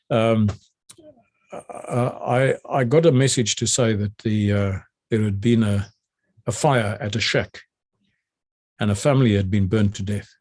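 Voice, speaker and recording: An older man from South Africa with a South African accent, a retired general telling memories in an animated way. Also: medium pitch, slightly rough. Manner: animated storyteller who acts out the orders he shouted. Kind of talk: recounting memories in a conversation.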